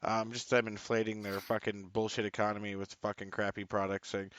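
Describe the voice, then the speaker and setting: A man's voice: lowish voice, level tone, brisk, a bit bright, no echo. A man co-hosting a casual podcast, who answers with blunt, sarcastic, profane quips. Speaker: podcast co-host. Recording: dry, dull lo-fi audio.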